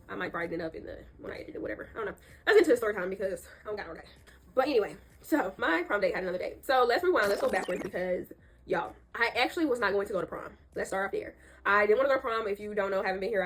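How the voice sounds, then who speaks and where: A young woman rattles through a casual storytime for her viewers at a brisk clip. Her voice sits at an ordinary middle pitch and comes out stuffy and a little nasal from congestion. She is chatty and emphatic, and she keeps pausing to ask her audience 'okay?'. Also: a little hiss or hum. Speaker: storytime vlogger. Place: indoor room.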